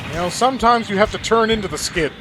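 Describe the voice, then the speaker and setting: Weary, high-pitched male let's-play host, rambling and self-mocking, game music underneath. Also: fast talker. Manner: rambling, self-deprecating, wry. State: exhausted. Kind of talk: gameplay commentary.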